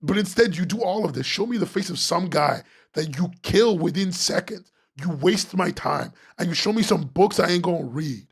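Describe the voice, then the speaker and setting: A man's voice: high-pitched, animated, normal speed, creaky, few pauses, slightly rough. A man hosting a webcomics podcast, ranting sarcastically as he critiques comic pages, swearing and laughing.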